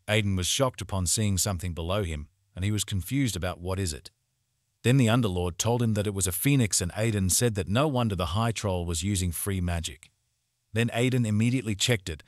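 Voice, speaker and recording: Deep-voiced man narrating a story recap. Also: no echo, clean studio sound. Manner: plain retelling in reported speech.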